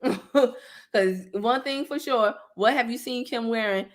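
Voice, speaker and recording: Hosting a relaxed livestream, an online business coach in her thirties reads viewer comments aloud, laughs a lot and speaks candidly with her audience. Her voice is a little high and slow.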